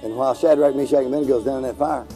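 A man preaching a fiery revival sermon to a congregation, shouting and calling for responses. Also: mid-range voice, steady tone, racing, faint music behind, low-quality recording. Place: church with congregation.

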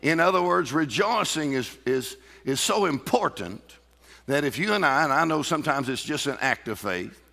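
A man preaching with a gravelly, bright edge to his voice. He calls out to the congregation and breaks into bursts of deliberate laughter, and long reverb from a church hall trails each phrase. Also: fairly high pitch, animated. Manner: fervent preaching with call-and-response and repeated laughter. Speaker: pastor. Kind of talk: sermon.

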